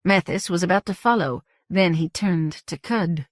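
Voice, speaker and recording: A woman's voice: fairly low pitch, normal speed, no room sound, clean studio sound. Woman reading a fantasy audiobook. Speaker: audiobook narrator. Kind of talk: scripted audiobook narration.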